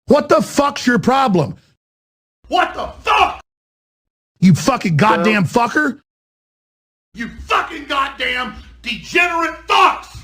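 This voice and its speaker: An actor voicing a raging, unhinged game character who rants and swings from muttering to shouting. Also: medium pitch, sing-song, moderate pace, hardly any pauses.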